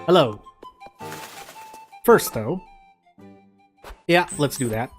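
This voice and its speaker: A man's voice: animated, drawn-out words, faint music behind. A man streaming a game, reading villager dialogue aloud with playful voices and chatting in between. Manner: reads villager lines with playful character voices, wandering in pitch.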